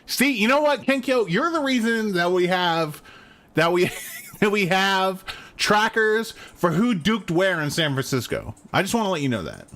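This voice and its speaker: A man's voice: sits high, animated, unhurried, fairly bright tone. A young man streaming a game, riffing with chat in crude, slangy jokes. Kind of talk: casual gameplay chat.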